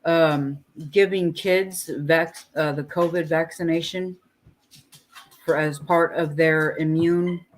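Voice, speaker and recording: A woman's voice: low-pitched, fairly even intonation, slow, poor audio. A woman in a casual livestream chat, asking questions in a hesitant way.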